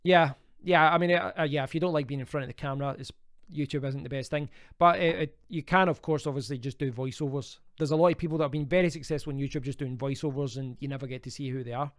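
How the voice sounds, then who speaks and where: Chatty Scottish man, smooth clear voice. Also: mid-range voice, steady tone, quick pace, no echo, studio quality. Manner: chatty, rambling, reads out and answers viewer comments. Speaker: live stream host. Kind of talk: casual live stream chat. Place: home in Spain.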